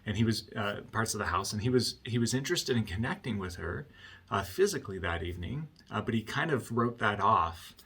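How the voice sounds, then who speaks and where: Low, gravelly male counselor with a bright, slightly husky tone who keeps checking in with the listener. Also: expressive, fairly quick. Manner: conversational, often asks "right?". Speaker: marriage counselor. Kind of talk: explaining with a client story.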